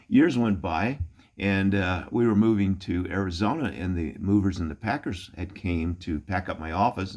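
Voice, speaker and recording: A middle-aged man, a pastor, telling folksy anecdotes in a relaxed storytelling sermon, chuckling now and then. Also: fairly low pitch.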